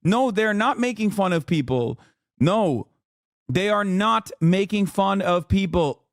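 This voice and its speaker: A man giving casual live-stream commentary in an incredulous, profane, animated rant as he reacts to videos. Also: sits high, a little slow, no room sound, studio quality.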